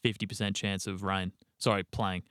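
A man's voice: deep voice, level tone, normal speed, a bit bright, no echo, clean studio sound. A young man, co-hosting a casual sports podcast and rambling through team news with casual swearing. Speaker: podcast co-host.

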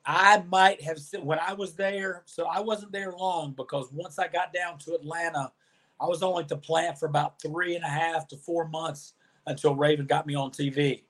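A man with a somewhat high voice tells stories as a podcast guest. He is animated and chatty, and he acts out other people's lines as he goes. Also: normal speed. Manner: animated storyteller, acts out quoted dialogue. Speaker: podcast guest, former pro wrestler. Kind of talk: storytelling interview answers.

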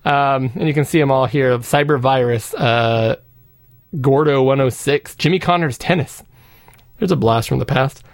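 Laughing a lot, a retro-game podcast co-host chats casually and reads off lists of titles. He has a mid-range voice at normal speed, recorded cleanly in a studio with no room sound.

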